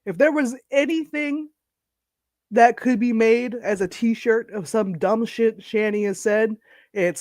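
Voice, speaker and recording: A man's voice: extremely high pitch, takes it slowly, a little mellow, no echo, clean studio sound. A man co-hosting a reaction stream, blunt and scornful, swearing casually. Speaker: stream co-host.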